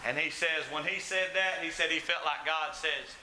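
A pastor preaches a sermon, telling stories and acting out their voices with big swings. His fairly high voice is bright and forceful, with fairly even intonation and a moderate pace, on a rough recording with slight background noise.

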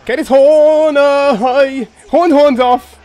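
A young man with an excitable, joking manner, commenting loudly on an online multiplayer game with friends. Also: extremely high pitch, slow pace. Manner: yelling, laughing, joking with friends. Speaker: gaming YouTuber.

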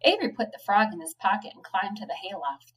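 A woman, a teacher, reading a children's novel aloud, giving the children's lines a lively lift. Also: mid-range voice, fast, recorded from a distance, rough recording. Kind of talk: storybook read-aloud.

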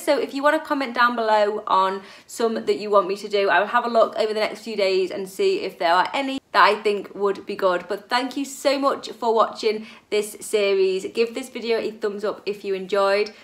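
A woman's voice: medium pitch, a bit bright. A woman who runs a gaming channel, chattily wrapping up a story game she has been reading aloud. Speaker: YouTuber playing a story game.

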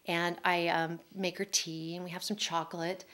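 A middle-aged woman, an author, telling an emotional personal story at a public talk in a candid, quick-flowing way. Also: lowish voice, level tone, a bit bright. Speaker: author speaking at a public forum.

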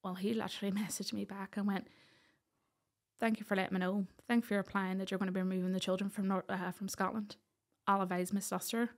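Northern Irish woman in her thirties, podcast guest, gravelly mid-pitched voice, lively storytelling that acts out quoted voices. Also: fast. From Northern Ireland. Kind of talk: personal storytelling in a podcast interview.

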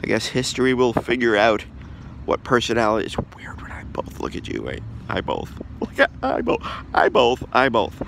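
A man's voice: mid-range voice, expressive, normal speed, creaky, fairly bright tone, in a whisper. A man giving a comedic product review monologue in a goofy, rambling way, jumping between silly voices.

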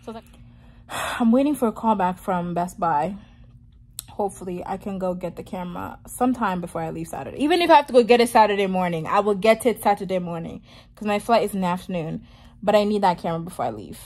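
A woman's voice: mid-range voice, fast talker, darkish tone. A young woman talking to the camera at home in a casual, rambling vlog, often laughing at her own mishaps. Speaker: vlogger.

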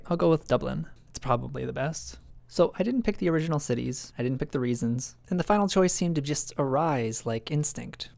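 Male essay narrator, self-questioning and musing, gravelly voice, dry close recording. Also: medium pitch, darkish tone, dry recording. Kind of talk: reflective scripted narration.

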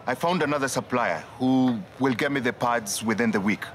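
An actor playing a stern customer demanding a delivery in a TV drama. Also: male voice, mid-range voice, normal speed, a bit bright, a little hiss or hum, close to an everyday voice. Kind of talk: TV drama acting.

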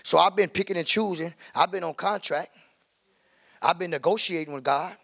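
A male pastor preaching a sermon in church, calling out "my God" and "come on, somebody" and building into drawn-out shouts. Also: high voice, vocal fry, breathy edge. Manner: climbs into fervent, drawn-out shouting at the peaks.

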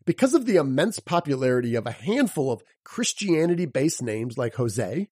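A man hosting a solo podcast lesson. He spells words out letter by letter and asks his listeners rhetorical questions in a lively, teacherly way. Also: mid-range voice, normal speed, slightly rough, dry recording, studio quality. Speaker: podcast host and sales coach.

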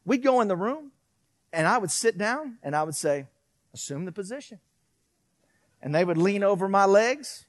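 Man, middle-aged, pastor, sermon, high voice, lively delivery. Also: moderate pace, dry recording, clean studio sound. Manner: animated preacher, swinging from loud to hushed, acting out quotes.

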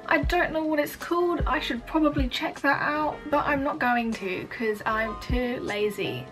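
A young woman hosting a reaction video, chatting casually and gushing excitedly over what she watches. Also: high voice, normal speed. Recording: voice over show audio with music.

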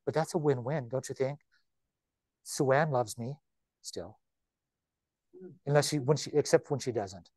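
Broker type: a man with a mid-range voice, dry and close, giving a chatty, animated training talk. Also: mid-range voice, dry recording. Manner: chatty, animated, with quick repeats and asides. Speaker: real estate broker leading agent training. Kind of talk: informal training talk to a room of agents.

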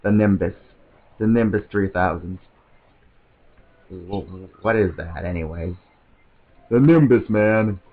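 A man giving casual, excitable gameplay commentary, rambling to himself and often stammering over restarts. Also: low-pitched, slow, pauses often, phone-quality sound. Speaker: let's play commentator.

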